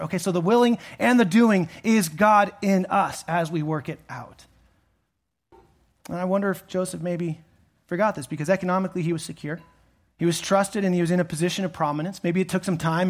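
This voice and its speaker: Animated high-voiced man preaching. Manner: animated, rising to emphatic peaks then dropping low; conversational, with frequent restarts and asides. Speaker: pastor. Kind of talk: sermon.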